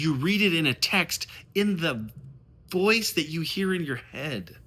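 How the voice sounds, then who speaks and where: A man's voice: a little high, expressive, takes it slowly, bright, forceful tone. A man who coaches on dating, talking casually to the camera in a passionate, rambling rant full of swearing.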